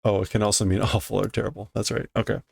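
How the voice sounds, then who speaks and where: A man reading a manga aloud and translating it line by line, hesitant and self-correcting as he thinks out loud. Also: lowish voice, level tone, rapid-fire, creaky, slightly rough. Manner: hesitant, self-correcting, muttering through guesses.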